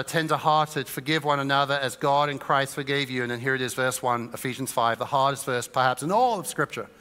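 An English pastor preaches a sermon in a church auditorium, his mid-range voice pushed and bright, with church hall reverb around it. He's conversational and humorous, acting out little voices of his listeners.

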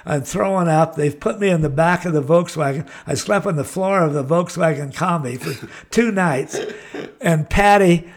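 Older man, American, casual storytelling, salty and rambling, slightly raised pitch. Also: moderate pace. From United States. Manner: rambling, salty, laid-back raconteur. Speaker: guest.

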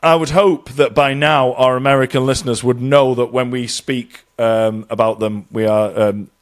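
A man's voice: mid-range voice, moderate pace. A man from England, co-hosting a casual podcast chat, ranting tongue-in-cheek and quoting people in put-on voices. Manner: animated, swearing, tongue-in-cheek rants with put-on quotes. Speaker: podcast co-host living in Ireland.

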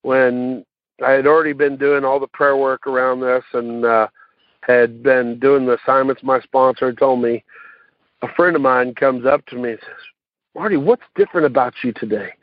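Male speaker, mid-pitched, halting personal share; phone-line audio, dry. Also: flat delivery, no echo. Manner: halting, many fillers and restarts. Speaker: recovery meeting speaker. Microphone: phone call.

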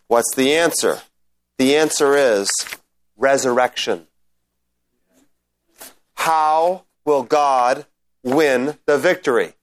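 A man's voice: mid-range voice, slow, long pauses. A man teaching a Bible class in a conversational lecture style, reading scripture aloud and checking in with his listeners. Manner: reads scripture aloud, then explains. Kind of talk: informal lecture with Q&A.

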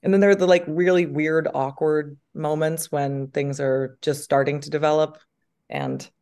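A woman in her thirties with a deep voice, chatting as an interview guest and telling animated stories in which she acts out quotes. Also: moderate pace. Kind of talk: casual interview chat.

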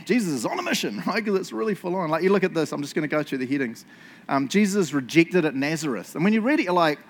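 A man preaching a casual sermon, telling stories in an excitable, chatty way and laughing along. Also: high voice.

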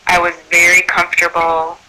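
A man who works as a birth doula tells a personal story in an animated way, acting out what people said. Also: sits high, normal speed, low-quality recording. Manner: animated, acts out quoted speech.

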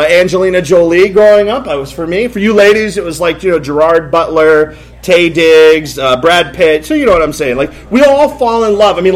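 A man in his thirties, a pastor, giving a conversational, joking sermon from a church stage and asking the congregation questions. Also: sits high.

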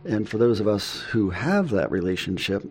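A middle-aged man co-hosting a casual faith talk, halting, with frequent ums and chuckles. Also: fairly low pitch, sing-song, darkish tone, slight background noise. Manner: halting, with many ums and laughs. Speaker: co-host.

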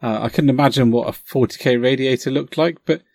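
Guy gushing about his hobby on a podcast, dry sound, average pitch. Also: a little fast, a little mellow, no echo. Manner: enthusiastic, rambling with fillers. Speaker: podcast co-host. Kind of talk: casual chat.

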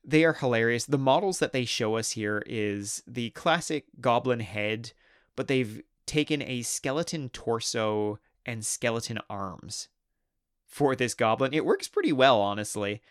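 A man's voice: mid-range voice, smooth, no echo. Enthusiastic male hobby host, dry sound. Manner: enthusiastic, conversational. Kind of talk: hobby history video narration.

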